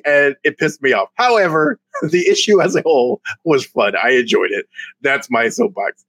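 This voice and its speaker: A man co-hosting a podcast, reviewing comics in casual chat, excitable and laughing often as he gets mock-outraged. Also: medium pitch, normal speed, no echo. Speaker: podcast co-host.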